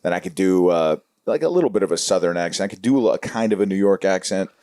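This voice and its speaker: A man's voice: low voice, lively intonation, quick pace, mellow. A young man from Los Angeles, a podcast guest in casual chat, laid-back and slangy, trailing off with fillers.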